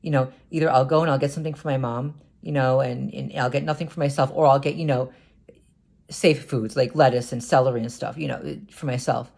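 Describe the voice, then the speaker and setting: Hesitant, gravelly-voiced vlogger. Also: medium pitch, steady tone, fairly quick, a little mellow. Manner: hesitant, stammering with many restarts. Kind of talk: personal confessional vlog.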